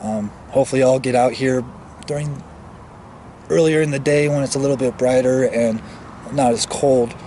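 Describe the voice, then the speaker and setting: A man talking earnestly to camera outdoors in the cold, halting with many restarts and fillers, shivering a little. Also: medium pitch, fairly even intonation, warm tone, a little hiss or hum. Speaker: vlogger. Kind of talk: casual monologue to camera.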